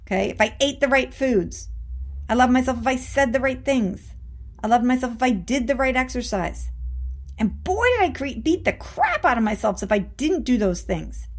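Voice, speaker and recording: A woman life coach hosting her show, giving an emphatic, conversational motivational talk straight to her listeners, casual and a little salty. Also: high-pitched. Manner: casual with mild swearing and frequent "okay?".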